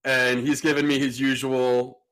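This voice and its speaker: Guy on a podcast telling a wild story, casual and animated, acts out the voices. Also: mid-range voice, unhurried. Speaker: podcast host.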